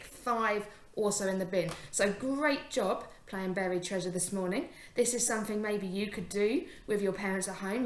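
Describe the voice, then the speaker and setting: A young woman teacher giving a phonics lesson to young children, encouraging and sounding out words slowly. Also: medium pitch, echoey room.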